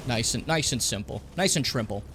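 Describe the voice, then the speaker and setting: A man's voice: medium pitch, animated, fairly quick, fairly bright tone, slight background noise. A young man hosting a game stream, joking around in casual, playful chat and sometimes talking while eating. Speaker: streamer host. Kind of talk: casual chat over gameplay.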